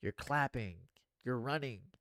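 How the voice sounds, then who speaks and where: A man in a rambling live stream monologue at a middle pitch, earnest and prone to repeating himself. The sound is dry and close, with no room around it. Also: expressive, slow pace, a bit bright, no echo.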